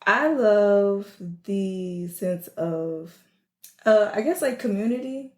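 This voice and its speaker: Mid-pitched New woman co-hosting a chat podcast; relaxed and chatty; echoey room. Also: slow pace. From New Orleans. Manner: chatty, relaxed, filler-heavy. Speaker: podcast co-host. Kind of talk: casual chat. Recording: roomy echo.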